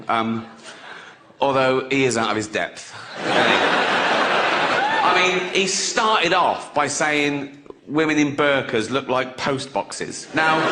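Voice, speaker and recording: Sardonic profane comedian. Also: male voice, on the high side, sharp tone, slight background noise. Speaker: stand-up comedian. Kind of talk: stand-up comedy routine.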